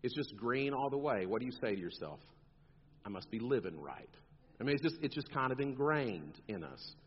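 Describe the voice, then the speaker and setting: A man's voice: mid-range voice, a little fast, breathy edge. A man preaching a sermon, talking animatedly and putting on mocking quoted voices as he makes his points. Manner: animated, rhetorical, mock quotes in asides. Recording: dull long-reverb hall sound.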